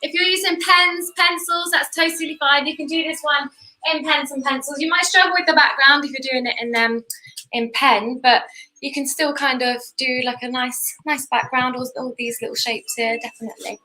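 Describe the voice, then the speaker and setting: A woman's voice: high-pitched, steady tone, moderate pace. A woman with a British accent teaching kids to paint step by step, chatty and encouraging. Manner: encouraging, chatty, laughs easily. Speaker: art teacher co-host. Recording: echoey room with soft music.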